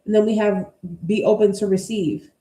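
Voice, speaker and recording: A woman's voice: medium pitch, steady tone, moderate pace, warm tone. A woman giving a casual tarot energy reading to her viewers, blunt and emphatic, with plenty of swearing. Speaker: tarot reader. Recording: roomy echo.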